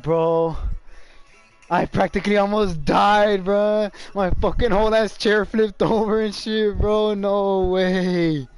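A man streaming a game live, shouting and swearing excitedly, repeating phrases over and over. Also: sits high, clear, resonant tone. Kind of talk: hyped live gaming commentary.

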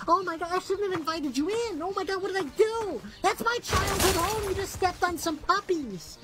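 A woman's voice: extremely high pitch, animated, moderate pace. A woman voicing a tiny, melodramatic alien townsperson who rambles, whines and swears. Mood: distraught. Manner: rambling, whiny, swears a lot.

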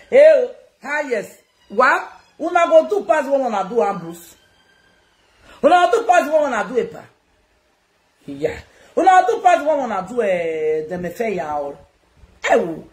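Playful Nigerian woman in an echoey room. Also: mid-range voice. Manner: loud, playful and teasing, often laughing. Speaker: social media personality. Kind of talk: casual self-recorded chat to followers. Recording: echoey room with faint noise.

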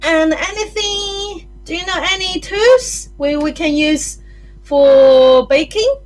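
A woman with a New Zealand accent leading a circle-time lesson for young children, with a sing-song, animated way of talking. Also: very high voice, slow pace. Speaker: early childhood teacher.

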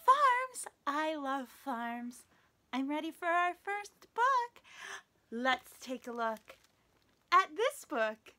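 Woman reading picture books to little kids, high voice that swoops all over, animated and exaggerated. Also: takes it slowly. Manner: animated, sing-song, exaggerated for kids, counts along. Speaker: children's librarian, story time host. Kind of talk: reading picture books aloud to young children.

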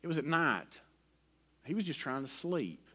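This middle-aged man is a pastor giving a sermon full of folksy personal asides, his voice a little high and very animated yet measured in pace. He alternates between loud, pressing emphasis and soft, hushed near-whispers.

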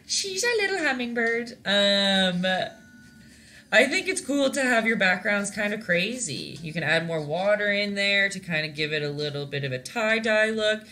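A woman's voice: mid-range voice, lively intonation, moderate pace, pushed and bright, slight background noise. A young Canadian woman teaching a casual live-stream painting lesson, chatty and giggly, rambling with lots of fillers. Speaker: painting instructor.

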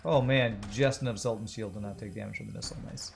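A man streaming a game, joking casually and reading viewers' chat comments out loud. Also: on the low side, steady tone, quick pace, vocal fry, over music. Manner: jokey, reads chat aloud.

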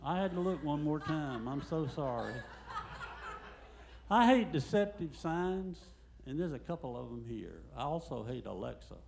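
An older man doing a stand-up comedy set in a comedy club, telling deadpan jokes and acting out the quotes. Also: on the high side, moderate pace, gravelly, slight background noise.

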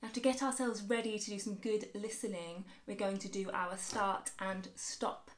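A woman leading a children's music lesson, talking cheerfully, slowly and clearly for small children. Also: medium pitch, steady tone. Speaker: early years music teacher. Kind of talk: interactive children's sing-along lesson.

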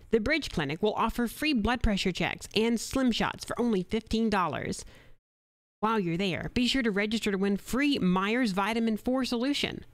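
A woman reading a radio spot in a bright, punchy announcer style, each phrase sold with energy. Her voice is pitched in a middle range and recorded dry, right on the mic. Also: no room sound. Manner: upbeat, punchy announcer delivery. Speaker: commercial voice-over artist. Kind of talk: radio commercial read.

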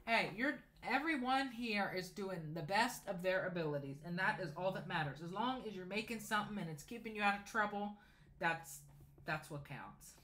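Chatty teen boy with a bright, high voice. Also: expressive, normal speed, echoey room, slight background noise. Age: late teens. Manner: chatty, reads viewer comments aloud and answers them. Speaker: sewing channel host. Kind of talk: casual livestream chat while sewing. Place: home sewing room.

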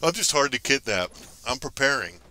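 A man hosting a casual gaming stream, joking crudely and bursting into excited shouts. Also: mid-range voice, normal speed, slight background noise. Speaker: streamer and host.

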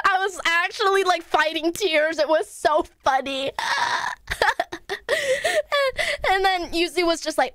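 Woman, young adult, streamer, very high voice, animated, swears a lot, dry sound. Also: unhurried, dry recording. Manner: animated, swearing, laughing storytelling. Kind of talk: casual stream chat to viewers.

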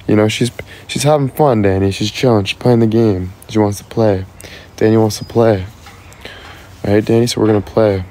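A live streamer with a warm, lowish voice and fairly even intonation chats with his viewers. He's playful, teasing and joking, laughs easily, and thanks people by name.

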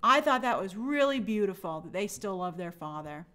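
A woman's voice: mid-range voice, expressive, moderate pace, sharp tone. A woman hosting a live stream, chatting casually about a TV episode and reading viewers' comments aloud. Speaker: host of a TV and film news show.

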